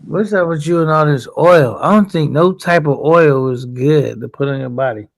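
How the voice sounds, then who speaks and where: A man's voice: a little high, moderate pace, vocal fry, dry recording. A man in casual, profane podcast banter, teasing and laughing.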